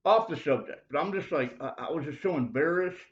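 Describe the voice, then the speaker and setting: A man's voice: fairly high pitch, animated, fairly quick. Rambling man, urgent confessional talk. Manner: rambling, heavy fillers like dude and bro; urgent, insistent appeals to the listener. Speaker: self-made video preacher. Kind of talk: rambling confessional monologue to camera. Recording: roomy, dull lo-fi sound.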